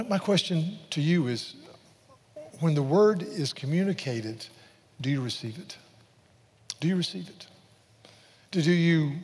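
A man preaching a sermon, telling a story with animated, repetitive delivery and acting out the quoted preacher. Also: fairly high pitch, husky. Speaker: pastor. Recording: long reverb of a large hall.

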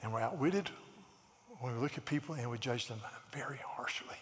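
A man preaching a sermon in a church, animated, often repeating words and acting out the people in his stories. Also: mid-range voice, fairly quick, long reverb tail. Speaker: pastor.

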